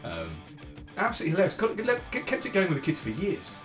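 A man's voice: sits high, wildly swooping pitch, brisk, roomy sound, over music. A father telling a funny anecdote casually, with stammered repeats and frequent laughter. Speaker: father, podcast guest.

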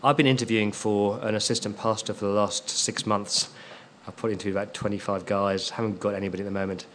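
A man's voice: lowish voice, little pitch movement, fast, fairly bright tone, slight background noise. A man preaching a sermon as a pastor, stressing key words and repeating them for emphasis.

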